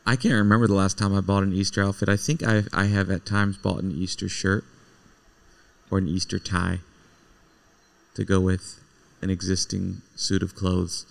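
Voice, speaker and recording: Man, 30s, podcast co-host: low, gravelly voice, blunt and joking, a little sleepy. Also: little pitch movement, moderate pace. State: sleepy, yawning. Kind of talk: casual chat.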